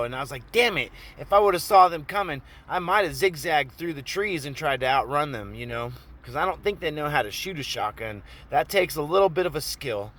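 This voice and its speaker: Male vlogger from Oregon, casual rambling storyteller, cusses freely, slightly high voice. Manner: rambling, profane, animated retelling. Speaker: vlogger telling a personal story.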